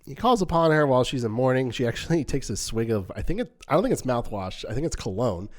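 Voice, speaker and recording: A man's voice: mid-range voice, big pitch swings, fast. A young adult man, a podcast co-host, retelling a film's scenes in casual chat and acting out characters' lines as he goes. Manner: retells scenes at length with quoted lines, many restarts. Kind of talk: casual film discussion.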